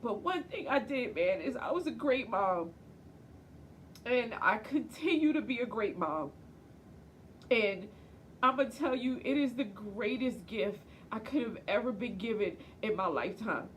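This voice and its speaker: A woman's voice: on the high side, animated, unhurried, slight background noise. A woman in her forties recording a personal video diary, emotional and close to tears as she speaks tenderly to her daughter. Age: 40s. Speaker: vlogger and mother.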